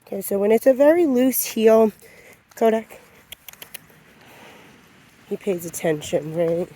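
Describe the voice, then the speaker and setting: Calm woman dog trainer outdoors. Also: moderate pace. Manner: calm, low-key instructive talk with many fillers. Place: outdoors on a road while walking a dog. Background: passing vehicles.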